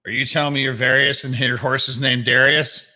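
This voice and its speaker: A man's voice: medium pitch, level tone, fairly quick, sharp tone. A man playing a goofy male warrior in a tabletop game, rambling evasively and playfully. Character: goofy male warrior who loves horses.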